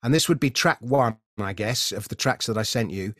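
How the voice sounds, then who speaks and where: A man's voice: on the low side, moderate pace, dry recording, studio quality. A middle-aged man from England, a podcast guest earnestly recounting a family story in conversational style, often correcting himself mid-sentence. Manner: earnest, vivid storyteller with frequent self-corrections. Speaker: podcast guest, creator of a stage show.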